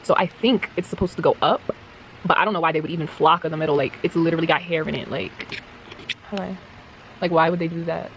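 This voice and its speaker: A woman's voice: low-pitched, fast, vocal fry, slight background noise. A young woman chatting casually to camera about restoring dolls, rambling and slangy, with lots of laughs. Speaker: doll restoration vlogger.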